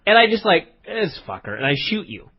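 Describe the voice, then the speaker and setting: Podcast co-host: husky, lively voice, rambling mock-serious teasing, dull lo-fi sound. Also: male voice, sits high, fairly quick. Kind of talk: casual comedic chat.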